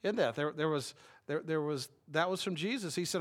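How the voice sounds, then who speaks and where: A man's voice: a little high, lively intonation, fairly quick. A man preaching a sermon as a pastor, talking in a wry, conversational way and putting questions to his listeners.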